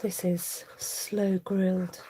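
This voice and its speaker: A woman voicing a hushed, indulgent female supermarket-ad narrator, with a slow, breathy, half-whispered luxury-ad delivery. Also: on the low side, level tone, a little hiss or hum. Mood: sultry.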